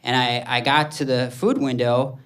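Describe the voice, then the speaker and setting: A man in his thirties doing stand-up comedy, telling self-deprecating stories in an anxious, animated way. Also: medium pitch, normal speed.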